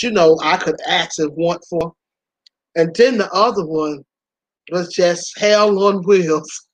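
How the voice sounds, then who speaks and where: A woman's voice: lowish voice, no echo. A woman hosting her own channel, chatting candidly about past relationships, laughing often and talking to listeners as y'all. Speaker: vlog host.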